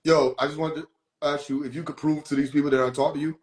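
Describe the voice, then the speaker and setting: Guy playing a giddy stammering fake seer calling up god, high voice. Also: flat delivery, fast talker, roomy sound, natural voice. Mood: excited. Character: eager self-proclaimed male seer calling God.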